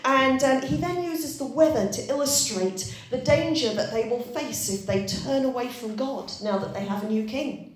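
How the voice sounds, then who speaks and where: A woman's voice: high voice, normal speed, heavy reverb, a little hiss or hum, low-quality recording. A woman pastor preaching a sermon, retelling scripture in a chatty, conversational way. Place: church.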